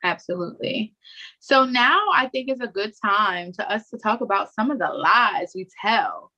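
A woman's voice: mid-range voice, moderate pace, highs cut off. A woman in her thirties co-hosting a podcast, chatting casually and telling stories with playful imitations. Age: 30s. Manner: animated storyteller, playful imitations. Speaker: podcast co-host. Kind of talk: casual conversational chat.

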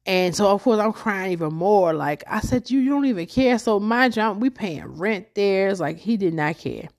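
A woman's voice: medium pitch, normal speed. A young woman hosting a podcast, telling a personal story in a rambling, chatty, emotional way. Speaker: podcast host.

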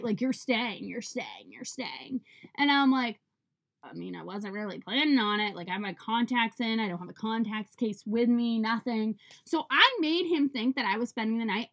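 Young woman, high voice, swearing a lot, exasperated casual storytelling. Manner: profane, animated, exasperated storytelling.

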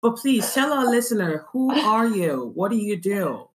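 A woman's voice: medium pitch, big pitch swings, moderate pace. A woman hosting a podcast interview over a video call, effusive and enthusiastic. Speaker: podcast host.

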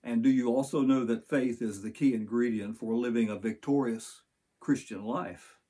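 A man's voice: medium pitch, fairly even intonation, moderate pace, mellow, husky. An older man, a pastor, preaching a sermon and reading scripture aloud in an earnest way.

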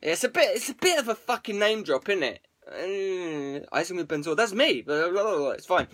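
A man's voice: sits high, expressive, moderate pace, a bit bright, soft background music. A man streaming to viewers as a musician, rambling casually with plenty of swearing and jokes. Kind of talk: casual livestream chat.

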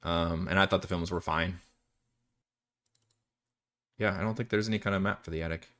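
A man's voice: low-pitched, steady tone, moderate pace, bright, forceful tone. A man from Texas, a dungeon master rambling casually through campaign prep on a live stream, restarting sentences and cursing now and then. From Texas, USA.

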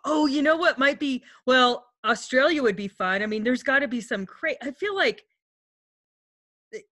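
A woman's voice: sits high, lively intonation, normal speed, a bit bright, no room sound, clean studio sound. A woman co-hosting a podcast, chatting casually, giggling often and rambling a little. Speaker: podcast co-host. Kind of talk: casual comedic chat.

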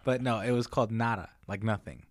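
A man's voice: lowish voice, a little fast. A man co-hosting a podcast, swearing and stammering through loose stories over beers. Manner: profane, stammering restarts. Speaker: podcast co-host. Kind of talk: casual chat over beers.

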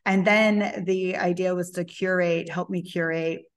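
Animated woman, distant mic. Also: fairly low pitch, measured pace. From United States. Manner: animated, lots of "like" and acted-out quotes. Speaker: interview guest. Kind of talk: casual storytelling chat.

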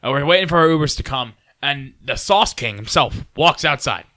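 A man telling a story to friends in casual chat, animated and swearing freely, raising his voice as he acts out drunk strangers. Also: on the high side, normal speed.

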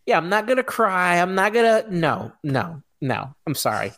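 A woman's voice: on the low side, very animated, moderate pace, a bit bright. A woman co-hosting a casual podcast, ranting bluntly and swearing freely. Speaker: podcast co-host. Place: Florida.

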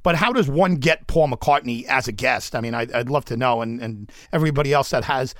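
A man's voice: medium pitch, fairly quick, a bit bright, dry recording, clean studio sound. A man hosting an interview show, enthusiastic as he chats and reads out promos. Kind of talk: casual interview chat.

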